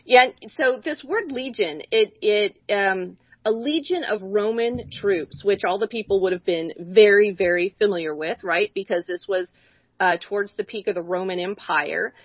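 Woman, husky voice, earnest and emphatic, Bible discussion co-host, dry lo-fi recording. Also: mid-range voice, moderate pace, dry recording. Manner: earnest, emphatic, with frequent restarts.

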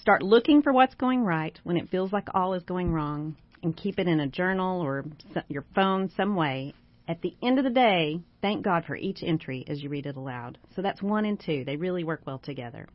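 Lady life coach guest talking gratitude tips, kinda low voice, dead dry lo-fi audio. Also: animated, normal speed, no room sound. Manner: warm, encouraging, lists steps. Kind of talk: advice in a casual talk. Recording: dry dull lo-fi sound.

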